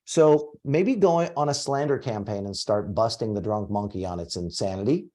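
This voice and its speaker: A man in his forties hosting a casual group coaching call, telling stories with animated energy. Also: lowish voice, normal speed. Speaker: host and coach.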